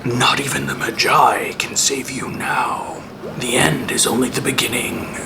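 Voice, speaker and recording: A man's voice: mid-range voice, steady tone, unhurried, gravelly, loud music behind the voice. A man voicing a vengeful undead mummy priest in a hissing whisper. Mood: menacing. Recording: noticeable background noise.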